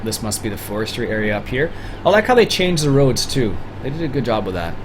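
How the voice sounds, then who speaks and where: Young Canadian male streamer, loose rambling chat, lively pitch, middle register. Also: fast, noisy background. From Ontario, Canada. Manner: rambling, chatty, many fillers and restarts. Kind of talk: casual livestream commentary.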